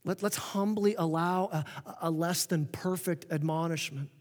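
Guy preaching in a big echoey church, talks kinda high, keeps restarting his sentences. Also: normal speed. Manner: earnest, animated preaching with frequent restarts and quoted asides. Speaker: pastor. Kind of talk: sermon. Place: church auditorium. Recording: long reverb of a church hall.

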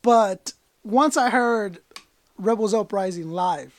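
Male podcast host, casual and energetic, stumbles and restarts often. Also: high-pitched, slow pace, no room sound. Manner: energetic, loose, stumbles and repeats words. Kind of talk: casual hip hop podcast chat.

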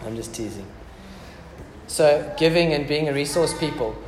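Pastor preaching in an echoey church. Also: male voice, on the high side, moderate pace. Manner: casual, joking asides. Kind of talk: sermon. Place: church hall. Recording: echoey church hall with background noise.

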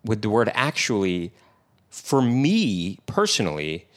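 Deep-voiced man in halting podcast chat. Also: huge pitch swings, crowd noise. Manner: halting, many restarts and fillers. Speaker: podcast co-host. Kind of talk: casual chat.

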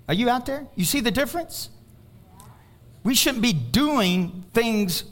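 A male pastor preaching a sermon, animated, telling stories with quoted dialogue and rising to near-shouts on emphasis. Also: sits high.

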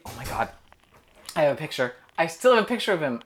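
This young man talks fast in a slightly high voice, chatting casually as an animated storyteller who peppers his tale with "like" and performs the quoted lines.

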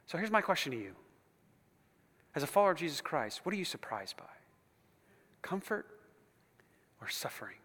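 A man preaches a sermon in a fairly high, bright and forceful voice that rings with the long reverb of a large hall. He swings from soft, hushed asides to loud, climbing runs of repeated phrases. He talks in a loose, conversational way between those peaks. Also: sing-song, moderate pace, long pauses. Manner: impassioned, swinging from hushed near-whispers to loud rising build-ups.

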